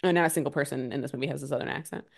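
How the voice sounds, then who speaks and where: A woman co-hosting a podcast, recapping a movie in casual chat with quick, sarcastic asides. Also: rumbling low, creaky. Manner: animated, sarcastic, fast recapping with many "like"s. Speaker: podcast co-host.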